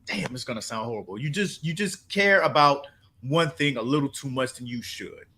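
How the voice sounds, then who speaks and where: A man's voice: medium pitch, lively intonation, moderate pace, bright, forceful tone. A man hosting a sports podcast in casual, profane chat, often acting out what other people say.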